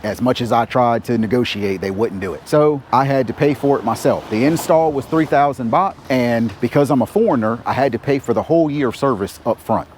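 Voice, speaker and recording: A man's voice: medium pitch, fairly quick, hardly any pauses, a little mellow, a little hiss or hum. A man talking casually to camera as a vlogger, laid-back and joking, walking around a market and a laundromat. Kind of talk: casual vlog narration. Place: outdoors on city streets, market and laundromat.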